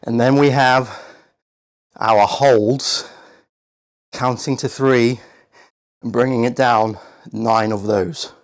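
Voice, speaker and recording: A man's voice: mid-range voice, fairly even intonation, slow pace, long pauses. A man coaching a home workout, out of breath, counting reps aloud and encouraging. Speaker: fitness coach.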